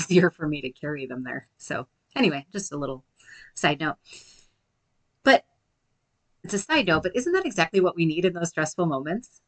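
A woman in her thirties hosting a solo podcast as a life coach, speaking gently and reassuringly. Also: lowish voice. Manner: gentle, reassuring, softly spoken at times.

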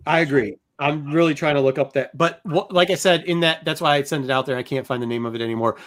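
A man's voice: fairly high pitch, fast talker, fairly bright tone. A man hosting a podcast, talking animatedly about a book and pressing his points with emphasis. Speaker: podcast host. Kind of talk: casual book review chat.

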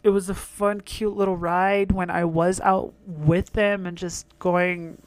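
A man's voice: high-pitched, level tone, measured pace, no echo. A young man hosting his own show, talking in a blunt, profane, exasperated rant. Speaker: solo podcast host. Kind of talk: casual rant monologue.

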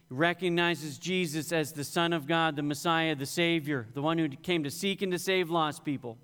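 A man's voice: a little high, a little fast, hardly any pauses, a bit bright, clear, resonant tone. A male pastor preaching a sermon, rising in emphasis on quoted scripture. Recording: long hall reverb.

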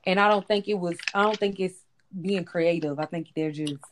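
A woman's voice: on the low side, moderate pace, a little hiss or hum. A woman in a casual podcast chat, frank and emphatic, speaking in loose slang. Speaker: podcast co-host.

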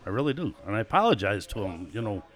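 A man's voice: lowish voice, sing-song, fast. Older man spinning chatty racing anecdotes. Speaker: guest, former stock car racer. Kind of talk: casual storytelling interview. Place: live show.

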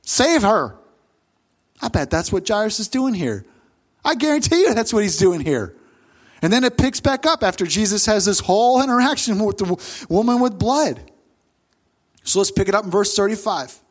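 A male pastor delivers a sermon with a notably high voice. He tells the story with plenty of animation and bursts into loud, acted-out quotes. He sounds middle-aged.

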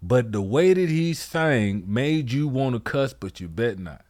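A man co-hosting a podcast in laid-back casual chat, often cutting in with quick asides. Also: medium pitch, animated, darkish tone, dry recording, studio quality. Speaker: podcast co-host.

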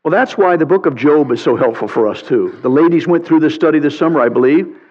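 A man preaching a sermon as a pastor, reading scripture aloud in an animated way with playful sarcasm. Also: a little high, quick pace. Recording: muffled sound with long hall reverb.

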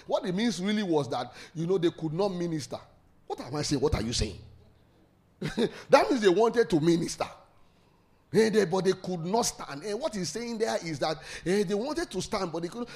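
A man's voice: sits high, big pitch swings, moderate pace, darkish tone. A man preaching a sermon, leading call-and-response and laughing often.

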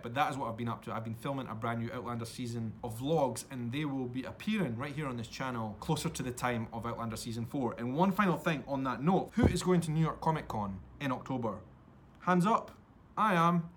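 A Scottish man talking alone into the mic for his podcast, chatty and eager, speaking straight to his listeners. His voice sits at an ordinary middle pitch. A faint hiss of noise runs under the recording. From Scotland. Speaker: podcast host. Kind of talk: casual solo podcast chat.

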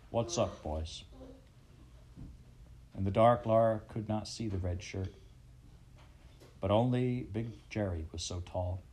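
Man reading a storybook aloud, low voice, measured and even. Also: a little hiss or hum. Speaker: audiobook narrator. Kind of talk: storybook narration.

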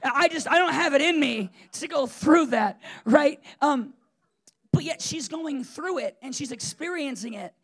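A man's voice: very high-pitched, expressive, measured pace, a bit bright. A man preaching a sermon in a conversational, emphatic way, with frequent fillers and restarts.

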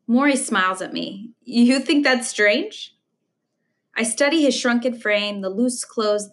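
A woman reads a memoir aloud in a slow, measured way. Her voice sits a little high. The recording carries a noticeable room echo. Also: fairly bright tone. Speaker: audiobook reader. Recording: echoey room.

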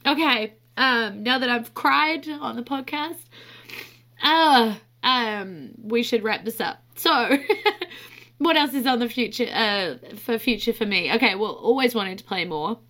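Bright-voiced young New Zealand woman. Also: a little high, measured pace. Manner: chatty and candid, often laughing. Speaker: podcast host. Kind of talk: casual podcast monologue.

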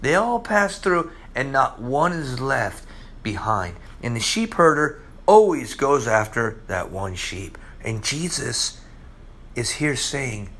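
A man preaching a sermon, telling stories with big swings between loud excitement and hushed, low moments. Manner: animated storytelling preacher, swinging from loud highs to hushed lows. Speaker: pastor.

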